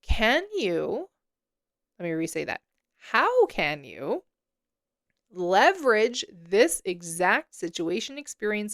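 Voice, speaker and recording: A woman's voice: mid-range voice, fairly bright tone, no room sound. Chatty woman coach, dry close sound. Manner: chatty and rambling, lots of "like" and self-corrections. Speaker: podcast host and coach. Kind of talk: casual solo podcast talk.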